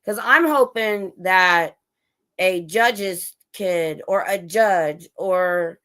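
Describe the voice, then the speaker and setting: A woman with a somewhat low voice hosts a casual late-night livestream from her home. She talks loosely and chattily, restarting her sentences as she goes. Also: fairly bright tone. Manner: chatty, talks to her dogs between topics, many restarts. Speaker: livestream host. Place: home, dogs in the room. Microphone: livestream setup.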